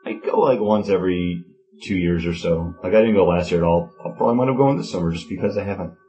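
A man's voice: deep voice, fast, warm tone, highs cut off, faint music behind. A man co-hosting a casual podcast, joking and teasing his friends with crude banter. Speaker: podcast co-host. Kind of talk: casual chat.

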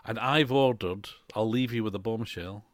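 Man, low voice, dry close mic, chatty and rambling, casual podcast co-host. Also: moderate pace, no echo. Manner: chatty, laughs often, rambling. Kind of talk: casual chat. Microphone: headphones and desk mic.

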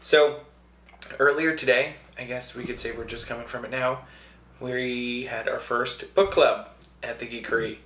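A man's voice: mid-range voice, fairly even intonation, normal speed, fairly bright tone, roomy sound. An American man co-hosting a podcast in casual, teasing banter. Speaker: podcast co-host.

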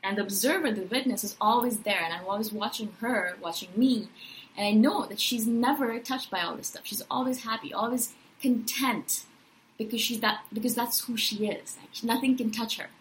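A woman in her thirties giving a casual personal monologue as a podcast host, enthusiastic and animated, often tagging her points with "right?". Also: fairly high pitch, normal speed, a little hiss or hum, poor audio. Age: 30s.

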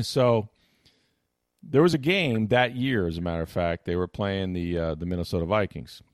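A man hosting a sports talk show, telling a lively anecdote and slipping into impressions of other people. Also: low-pitched, moderate pace, no room sound, clean studio sound. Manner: animated anecdote teller, mimics others' voices. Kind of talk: casual storytelling chat.

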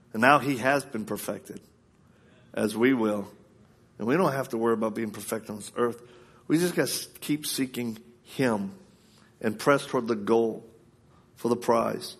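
Animated laughing male preacher. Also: medium pitch, measured pace, long pauses. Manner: animated, laughing storyteller who acts out quoted voices. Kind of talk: storytelling sermon. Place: live church service.

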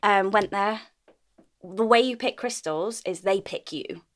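Woman on a chat podcast, mid pitch, giggly, acts out her stories. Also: measured pace. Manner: animated storytelling, laughs often, acts out her own lines. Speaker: podcast co-host. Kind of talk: casual chat.

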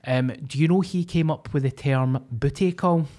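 A man's voice: on the high side, moderate pace, dark tone. A Scottish man co-hosting a comedy podcast, chatting in a blunt, sweary, jokey way. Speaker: podcast co-host. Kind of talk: casual comedy podcast chat.

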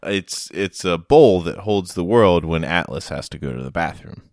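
A man co-hosting a podcast, chatting casually and making absurd deadpan jokes. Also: deep voice, normal speed, dry recording, clean studio sound. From United States. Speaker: podcast co-host. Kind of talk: casual chat.

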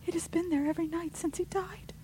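A terrified, stubborn woman, as a woman puts her on for a storybook reading, speaking in a high, breathy whisper. She sounds hushed with dread. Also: fairly quick, slight background noise, poor audio. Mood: fearful whisper.

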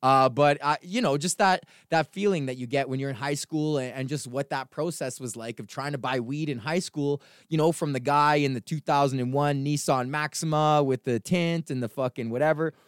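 Podcast host, man from Canada, casual profane storyteller, smooth slightly high voice. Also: moderate pace, few pauses, no echo, studio quality. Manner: profane, rambling storytelling with laughs. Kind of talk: casual rant.

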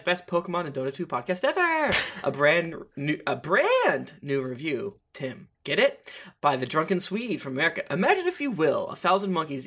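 A man with a bright, forceful voice, set a little high, hosts a casual podcast. He reads listener reviews aloud in a playful, teasing way and slips in jokey asides. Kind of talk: casual chat among tabletop game players.

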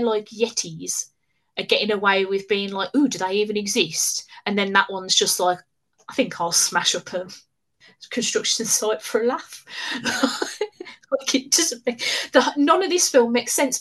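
A woman, chatting excitedly on a podcast and laughing often. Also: a little high, normal speed. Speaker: podcast guest. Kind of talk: casual chat.

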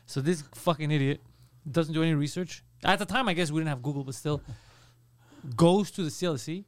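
A man hosting a podcast, telling a story in casual chat with animated, loud bursts. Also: a little high, a little fast, no echo. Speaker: podcast host.

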